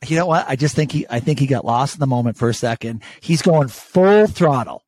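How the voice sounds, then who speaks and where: A man's voice: mid-range voice, fairly quick. A man co-hosting a casual sports podcast, telling stories about his bets with lots of swearing. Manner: animated, swearing, storytelling. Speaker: podcast co-host.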